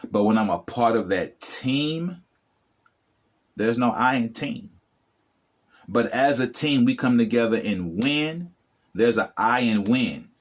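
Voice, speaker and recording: A man's voice: medium pitch, expressive, slow, long pauses. A middle-aged man giving a motivational talk to the camera as a spiritual vlogger, preachy and repetitive, addressing the viewer directly.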